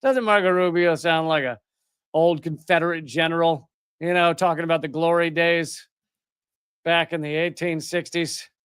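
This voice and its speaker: Man, live show host, sarcastic rant, high pitch, crisp voice. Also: steady tone, moderate pace, fairly bright tone, dry recording, clean studio sound. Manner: sarcastic, ranting. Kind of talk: live political commentary show.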